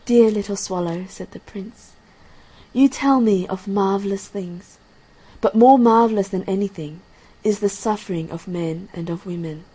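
Husky-voiced woman reading a storybook. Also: mid-range voice, moderate pace, mellow, low-quality recording.

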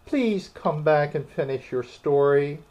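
A polite, curious young girl, as a man reading aloud puts her on, lifts into a high, eager and pleading voice. The storybook reading bounces with lively pitch. The recording sounds dull and lo-fi. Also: takes it slowly, full character voice.

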